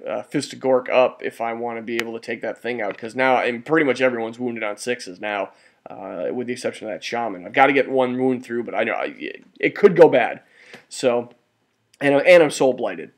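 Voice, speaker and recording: Excitable man recapping a tabletop battle. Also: mid-range voice. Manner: rambling and excitable, often restarts and corrects himself; mild cursing and exclamations. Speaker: tabletop wargame battle report presenter. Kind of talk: casual play-by-play narration over photos.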